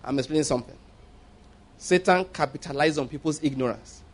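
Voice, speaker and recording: A man's voice: a little high, fairly quick. A man preaching a sermon as a pastor, emphatic, repeating phrases and firing rhetorical questions at his listeners.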